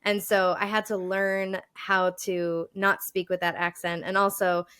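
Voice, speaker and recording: A woman's voice: medium pitch, measured pace, clear, resonant tone. A woman from Long Island, a former speech pathologist, telling stories in casual chat and laughing often. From Long Island, New York. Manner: lively storyteller, laughs often.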